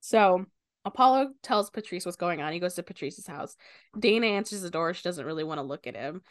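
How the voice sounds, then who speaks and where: A young woman co-hosting a podcast, retelling a book's plot in lively casual talk and swearing often. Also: on the low side, a little fast, no echo, clean studio sound. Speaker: podcast co-host. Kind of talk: casual book discussion.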